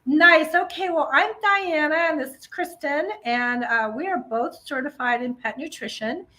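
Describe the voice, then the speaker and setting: A woman's voice: high-pitched, normal speed, pushed and bright, poor audio. A middle-aged woman, a pet nutrition specialist, explaining in a friendly way as a guest with many ums. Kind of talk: casual interview talk.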